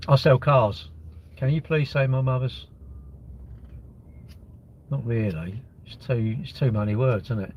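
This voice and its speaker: A man's voice: mid-range voice, unhurried, pauses often, a little hiss or hum. Live streamer, man, blunt and mocking, casual chat, slightly muffled stream audio, mid-range voice.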